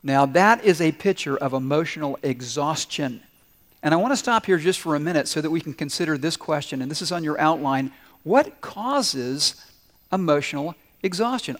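Pastor with a high-set voice in a reverberant hall. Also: male voice. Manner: storytelling with acted-out quotes and audience questions. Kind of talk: sermon.

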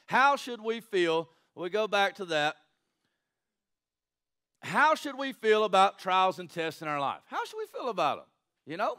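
A man preaching a sermon to his congregation in a conversational way, often tossing in "right?" to the crowd. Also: high voice. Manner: animated, conversational preaching with frequent "right?" asides. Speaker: pastor.

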